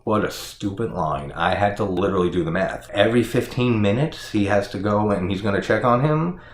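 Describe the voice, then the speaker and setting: A man's voice: fairly low pitch, fairly quick. A man ranting through a casual horror movie review, exasperated and profane, laughing often and saying "like" constantly. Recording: echoey room.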